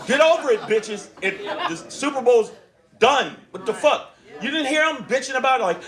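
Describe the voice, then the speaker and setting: A man's voice: very high-pitched, animated, moderate pace. A man doing a stand-up comedy set on a club stage, brash and profane, slipping into mocking voices. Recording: live club with loud crowd laughter.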